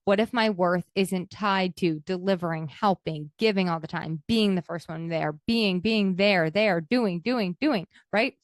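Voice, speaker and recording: A woman's voice: on the low side, a little slow, few pauses, no echo, studio quality. A woman hosting her own podcast, speaking candidly and reflectively, sometimes emotional. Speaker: podcast host. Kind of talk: reflective personal podcast talk.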